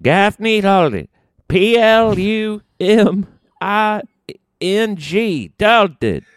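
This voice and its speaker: A cranky old Southern mechanic. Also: male voice, sits high, animated, drawn-out words, clear, resonant tone, no echo, studio quality, voice pushed up, heavily acted. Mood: folksy gruff. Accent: Southern US rural. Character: old male small-town mechanic, folksy, cranky.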